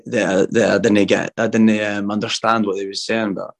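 Easygoing Scottish footballer, low voice. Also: male voice, level tone, normal speed, gravelly. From Scotland. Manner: laid-back, rambling, peppered with "mate" and "man". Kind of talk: casual interview chat.

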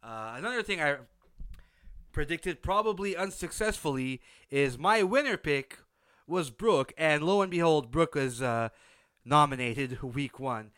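A man's voice: fairly high pitch, lively intonation, measured pace, fairly bright tone, clear, resonant tone, dry recording. A man hosting a podcast, giving a blunt, opinionated recap of a reality show in a casual, unsympathetic way. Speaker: podcast host.

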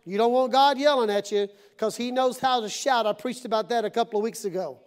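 A middle-aged man preaching a sermon to his congregation in church, dramatic, acting out voices and swinging between loud and hushed. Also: very high-pitched, brisk, smooth. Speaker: pastor.

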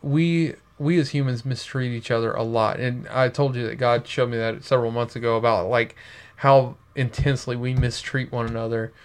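A man's voice: medium pitch, fairly even intonation, normal speed. A young man co-hosting a podcast, talking in a casual, earnest and reflective way. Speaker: podcast co-host. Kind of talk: casual chat.

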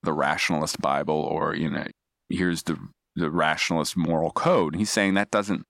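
A man's voice: deep voice, fairly bright tone, dry recording, clean studio sound. A man speaking as a podcast guest, explaining ideas in a thoughtful, digressive way with frequent restarts. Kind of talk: casual analytical discussion.

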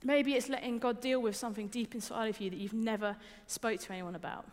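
In a fast, steady-toned, slightly high voice, a young woman delivers a sermon that feels conversational and personal. She repeats words often and asks her listeners questions, and the setting is a reverberant hall.

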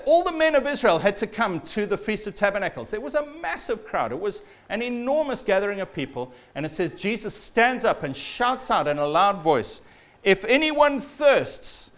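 High-voiced man preaching a sermon. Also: sing-song, moderate pace, hardly any pauses. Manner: storytelling, dropping low and quiet at phrase ends.

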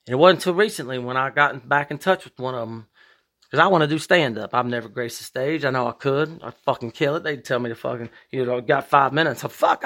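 A man hosting a podcast, talking in a profane, rambling monologue with big emphatic swings in pitch. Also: creaky, fairly bright tone. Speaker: podcast host. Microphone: podcast microphone.

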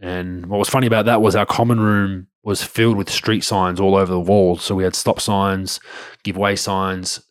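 A man's voice: low voice, little pitch movement, moderate pace, no echo, clean studio sound. A man with an Australian accent telling a story in a loose, conversational way, often restarting his sentences and swearing casually.

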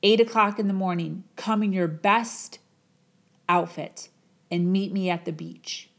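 A woman voicing a calm, wise older male guru in a story she tells, speaking slowly and quietly. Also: medium pitch.

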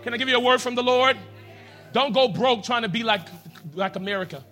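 A man preaching a sermon in a church as pastor, talking straight to the congregation and leading them in prayer, swinging from hushed lines to loud, emphatic ones. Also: extremely high pitch, a little fast, soft background music. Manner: addresses the congregation directly, leads them in prayer.

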